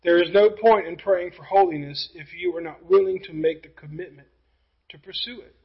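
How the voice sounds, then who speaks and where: A pastor preaching a sermon, emphatic, with rhetorical questions and passages that drop to quiet intensity. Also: male voice, high-pitched, very animated, normal speed, vocal fry, breathy edge, highs cut off.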